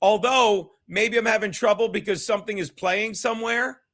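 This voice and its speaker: A man talks loosely on a home livestream, cursing often and drifting from thought to thought. His voice sits fairly high for a man, and he speaks straight to the chat. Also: moderate pace, a bit bright. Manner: profane, rambling, chats with viewers. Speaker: comedian hosting a livestream. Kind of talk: casual solo livestream chat.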